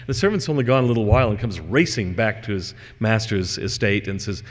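In a hall with long reverb, a man with a lowish, animated voice gives a religious lecture a little fast. He reads scripture to the audience and chats through digressions with fillers.

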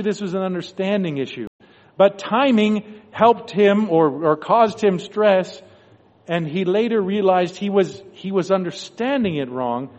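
Telling a story during a devotional talk, a man voices the inner thoughts of the people in it. His pitch is high and a little mellow, and the audio sounds dull, captured in an echoing hall.

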